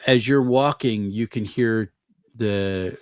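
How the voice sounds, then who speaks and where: A man narrating a tabletop game as game master, relaxed and rambling with many fillers. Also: lowish voice, slow pace, clean tone, no room sound, clean studio sound.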